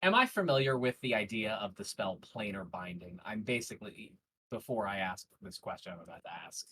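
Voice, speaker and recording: A man's voice: on the low side, lively intonation, a little fast, pushed and bright, breathy edge, rough recording. A man playing in a tabletop game, talking casually out of character to the game master. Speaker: player.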